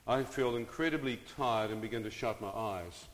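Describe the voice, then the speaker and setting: A man's voice: lowish voice, normal speed. A middle-aged man dramatically telling his own story to an audience, often turning to them with questions and asides. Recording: long reverb of a large hall.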